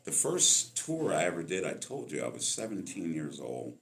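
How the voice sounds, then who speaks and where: A man's voice: low voice, huge pitch swings, moderate pace, fairly bright tone, a little hiss or hum. A man in his sixties from Los Angeles, telling stories as a guest on an interview podcast and acting out the voices of people he quotes. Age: 60s. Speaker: guest musician. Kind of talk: storytelling interview.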